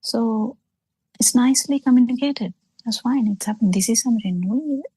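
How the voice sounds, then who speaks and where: A woman giving a Buddhist teaching over a video call, halting, with many pauses and fillers, often falling into soft breathy half-whispers. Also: on the high side, no room sound, poor audio. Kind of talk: slow spoken dharma talk on a video call.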